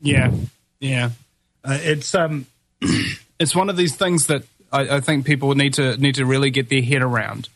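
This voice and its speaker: A man's voice: medium pitch, fairly even intonation, unhurried, a bit bright. A man hosting a talk show, ranting with heated emphasis. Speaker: show host.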